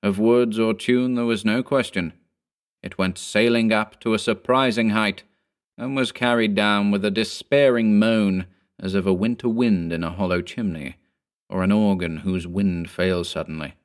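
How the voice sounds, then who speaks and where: Low-voiced man narrating a ghost story. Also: fairly even intonation, moderate pace.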